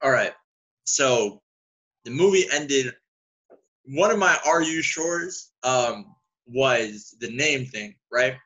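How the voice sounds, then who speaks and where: A male podcast guest in casual chat, reasoning in a measured, wry way. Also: mid-range voice, lively intonation, sharp tone. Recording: dull lo-fi sound.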